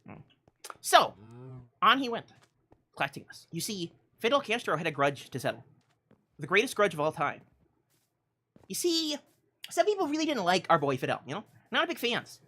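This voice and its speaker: A woman streaming a game, telling a mock-epic tale in a theatrical way, swinging from loud declarations to hushed asides and laughing often. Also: medium pitch, sing-song, normal speed, long pauses, slightly rough.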